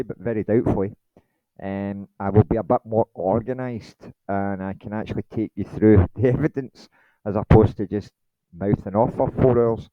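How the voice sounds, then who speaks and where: A man's voice: lowish voice, no room sound, phone-quality sound. A man hosting his channel in a rambling late-night monologue, blunt and swearing, with many ums. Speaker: channel host.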